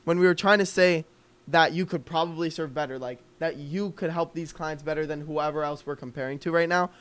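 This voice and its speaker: A young man talks through copywriting on a live call in a casual, thinking-aloud way. His voice sits a little high for a man, and he fills his talk with likes and ums. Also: steady tone, brisk, clean tone. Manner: loose and conversational, filler-heavy, thinking aloud. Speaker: copywriting coach.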